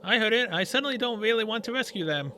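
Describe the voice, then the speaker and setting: A man's voice: sits high, expressive, fast talker, pushed and bright, slight background noise. A man playing through a story game, reading its dialogue aloud and adding sarcastic asides. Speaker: gaming video creator.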